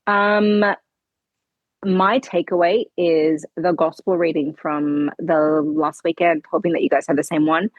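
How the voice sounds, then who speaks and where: A woman's voice: low-pitched, fairly even intonation, a little slow, dry recording, highs cut off. A middle-aged woman, a podcast guest telling her story earnestly in conversation and acting out the dialogue. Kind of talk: conversational interview.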